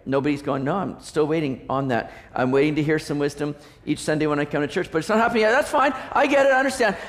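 A male pastor with a rather high voice delivers a sermon in a loose, conversational manner. He keeps checking in with the congregation through rhetorical questions. He often trips over a word and restarts before pressing on.

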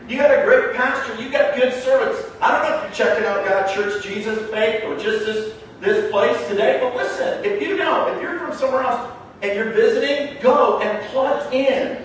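A man's voice: very high voice, a bit bright, slight background noise. A man preaching a sermon in a church, emphatic and conversational. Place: church sanctuary. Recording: echoey room heard from a distance.

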